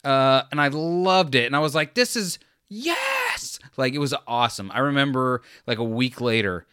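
A young adult man in a casual comedic rant, animated and exasperated, mocking other drivers. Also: mid-range voice, fairly quick, smooth, no echo, studio quality.

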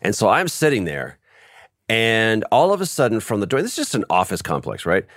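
A man being interviewed as a voice actor, telling stories in a casual, animated way and acting out quoted lines over a video call. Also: on the low side, a little fast, no echo, studio quality. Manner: animated storyteller, acts out quotes. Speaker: guest, voice actor. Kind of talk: casual podcast interview storytelling.

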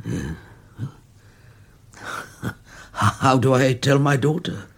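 An older man playing an anxious, protective grandfather in a vintage radio drama, halting and stammering when upset. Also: medium pitch, very animated, heavily acted. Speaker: grandfather of a sick boy. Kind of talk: 1940s radio acting.

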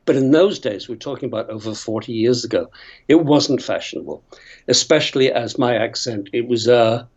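A man's voice: mid-range voice, normal speed, breathy edge. Older storytelling man, dull lo-fi audio. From Northern Ireland. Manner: rambling, goes off on tangents, chuckles. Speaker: actor guest. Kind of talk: storytelling interview.

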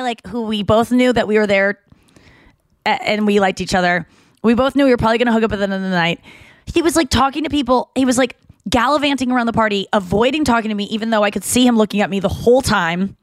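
A woman's voice: on the high side, fast talker, dry recording. A young adult woman co-hosting a podcast, telling candid, crude stories and acting out what people said. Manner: candid, crude storytelling with acted-out quotes. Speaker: podcast co-host. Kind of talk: casual chat.

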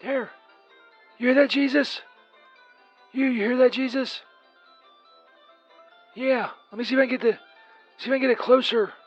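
A man's voice: very high voice, steady tone, moderate pace, long pauses, breathy edge, muffled recording, soft background music, voice pushed up. A man voicing a crude, rambling Saint Peter who leaves a profane, petty comic voicemail. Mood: rambling grudge.

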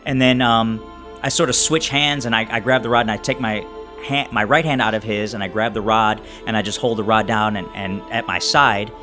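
A man playing a tabletop role-playing game, narrating his character's actions in a halting way with many restarts. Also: fairly low pitch, fairly even intonation, sharp tone, faint music behind. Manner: halting, many restarts while describing scenes. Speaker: player.

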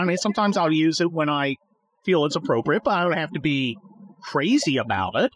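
A man's voice: sits high, expressive, fairly quick, a bit bright, low-quality recording. A man hosting a podcast from his car, ranting sarcastically and swearing at traffic. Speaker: podcast host. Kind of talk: casual ranting chat while driving.

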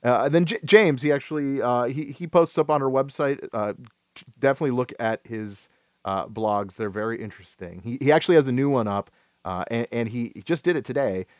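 A man's voice: medium pitch, dry recording, studio quality. Rambling, hesitant man chatting on a podcast. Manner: rambling, halting, lots of restarts and fillers. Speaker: podcast host. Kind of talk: casual gaming podcast chat.

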